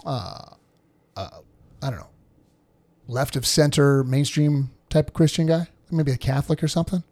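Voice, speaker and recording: A man with a husky voice telling a rambling story in casual chat, full of restarts and asides. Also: a little high, normal speed, mellow, dry recording.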